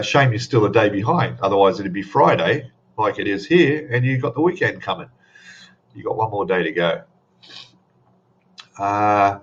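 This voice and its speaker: A man hosting a casual live stream, just woken up, rambling and laughing as he greets viewers, his voice still rough from sleep. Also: fairly low pitch, lo-fi sound. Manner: drowsy, rambling, laughs often.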